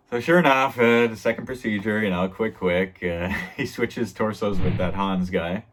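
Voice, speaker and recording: A man's voice: deep voice, moderate pace, hardly any pauses, a little hiss or hum. A man hosting a review channel, casually recapping an episode with lots of fillers and loosely quoted dialogue. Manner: rambling, lots of fillers, quotes characters loosely in his own voice.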